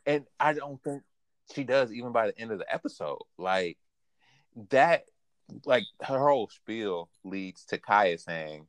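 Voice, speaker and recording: A man with a very low voice recaps an anime episode in casual, animated chat, often laughing and jumping up in pitch to quote characters. The sound is dry and close to the mic. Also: a little slow, no echo. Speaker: podcast co-host.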